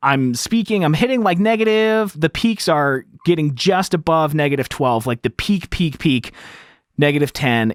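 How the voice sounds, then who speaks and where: A man hosting an audio tutorial, explaining step by step in a casual, animated way while demonstrating on a studio microphone. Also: a little high, no echo. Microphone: studio microphone through an audio interface.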